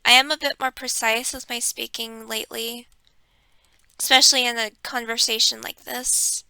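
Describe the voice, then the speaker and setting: A woman talking casually about her life in an airy, breathy voice, soft and halting, sometimes slipping into a whisper. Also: a little high, fairly even intonation, no echo. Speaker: content creator. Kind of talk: casual personal talk.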